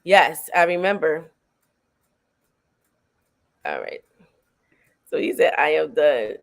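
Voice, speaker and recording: Gravelly-voiced woman hosting a film reaction. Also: low-pitched, slow. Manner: excitable, laughs often, slangy. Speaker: host of a film reaction show. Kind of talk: casual reaction commentary.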